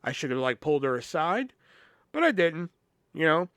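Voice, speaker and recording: Guy telling a story on his podcast, swears a lot, says you know constantly, kinda high voice, dry sound. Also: big pitch swings, normal speed, a bit bright, clean tone, dry recording. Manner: profane, rambling, lots of "you know". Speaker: podcast host. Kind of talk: casual storytelling.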